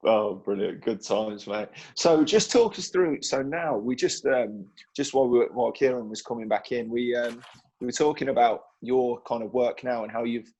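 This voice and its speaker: A man hosting a podcast with a gravelly, husky voice. He chats casually, dropping in short interjections and friendly banter with his guest. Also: medium pitch, moderate pace, darkish tone. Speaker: podcast host.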